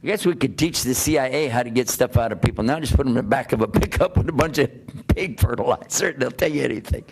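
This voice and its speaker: An older man preaching through a personal story, animated, laughing and acting out the dialogue. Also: medium pitch, quick pace, slight background noise. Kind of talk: storytelling talk.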